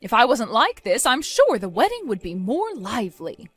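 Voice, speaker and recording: A woman in her 50s plays a disappointed mother near retirement, sounding calm, stern and reproachful at normal speed. The exaggerated voice has a breathy edge and still moves a lot in pitch, with quiet music underneath.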